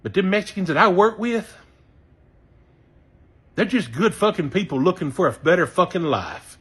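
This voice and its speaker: A man's voice: high voice, expressive, moderate pace, pauses often, fairly bright tone, breathy edge. A man with a Southern American accent ranting angrily and cursing often, apologizing now and then for his language. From Southern United States. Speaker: voter sharing his view. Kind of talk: angry personal rant.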